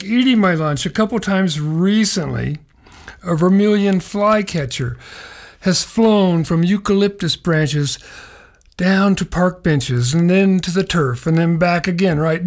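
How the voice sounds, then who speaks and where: Middle-aged male host, folksy and meandering, chuckles through his own stories. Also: high-pitched. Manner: rambling, folksy, chuckling asides. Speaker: radio show host. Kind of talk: casual spoken nature segment.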